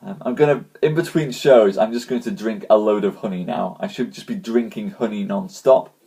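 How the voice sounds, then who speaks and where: A man with a scratchy, hoarse throat, chatting casually with live-stream viewers before telling a story, greeting them by name and calling them ladies and gents. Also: lowish voice, normal speed, mellow.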